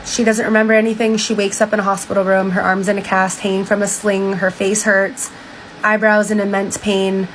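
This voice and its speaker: A woman's voice: mid-range voice, flat delivery, brisk, slight background noise, poor audio. A young woman casually retelling a book for social media, chatty and full of "like", reacting with disbelief. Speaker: TikTok storyteller.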